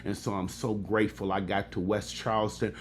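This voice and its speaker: Low-voiced man giving a motivational speech. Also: flat delivery, fairly quick, slight background noise. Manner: peppers talk with "amen", addresses audience directly. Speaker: motivational speaker and host. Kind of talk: motivational speech with preacher cadence.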